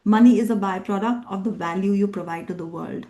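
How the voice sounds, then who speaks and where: A woman's voice: mid-range voice, brisk, warm tone. A middle-aged woman coach leading a live workshop, emphatic and repetitive, rallying her group with questions. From immigrant living in Australia. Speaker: NLP coach and workshop trainer.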